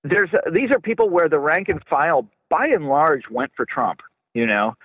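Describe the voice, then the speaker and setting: A man talks through a tinny, dry phone connection, his fairly high voice moving a lot in pitch. He is an author being interviewed on radio. He stumbles and repeats words as he pushes his points. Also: normal speed, no room sound. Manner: animated, repeats and restarts words, laughs often. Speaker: author guest. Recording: tinny phone-line sound.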